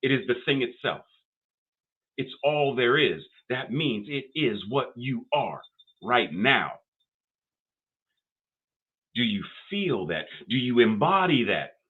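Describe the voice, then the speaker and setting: Older guy preaching, mid-pitched voice, repeats lines and builds up, sounds like a thin phone line. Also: very animated, takes it slowly, long pauses, slightly rough. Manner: rhythmic, repetitive preaching with rising emphasis. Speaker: minister. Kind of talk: sermon. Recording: phone-like narrow band audio.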